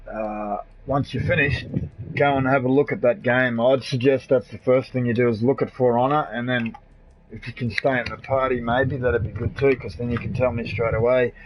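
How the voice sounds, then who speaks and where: Australian man, rambling game stream chat. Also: medium pitch. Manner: rambling, swearing, laughing, chatting to friends. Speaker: gamer streaming live. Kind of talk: casual live-stream chat while gaming. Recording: dull lo-fi console stream audio.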